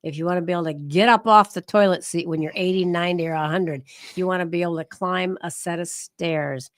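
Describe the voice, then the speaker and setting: Lower-voiced woman giving brisk encouragement. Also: fairly even intonation, no echo, clean studio sound. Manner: encouraging, lots of short affirmations. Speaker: podcast co-host. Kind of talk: casual chat.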